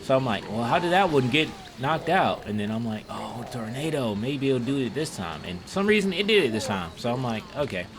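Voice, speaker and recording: A man's voice: medium pitch, lively intonation, brisk, few pauses, crowd noise. A young man giving casual, profane, self-mocking commentary over his gameplay.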